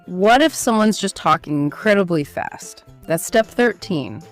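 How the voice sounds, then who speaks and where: This is scripted chat from an educational podcast, where a female co-host breaks down study steps one after another in a bright, talkative manner. Her voice is mid-range and expressive, a little slow, with soft music playing underneath.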